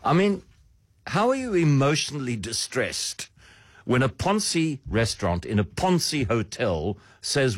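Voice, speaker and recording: Sardonic radio host, lively. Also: male voice, unhurried, no echo. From South Africa. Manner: sardonic and theatrical, swooping pitch. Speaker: radio talk show host. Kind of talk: casual radio monologue.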